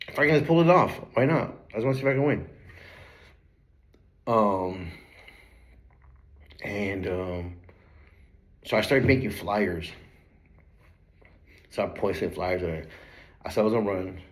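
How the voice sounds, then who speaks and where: A young man hosting his own channel, telling his life story in a relaxed, slang-heavy way with plenty of swearing. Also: fairly low pitch, a little slow, long pauses. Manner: laid-back street slang, swears a lot, breaks into laughter. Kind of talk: casual storytelling to camera.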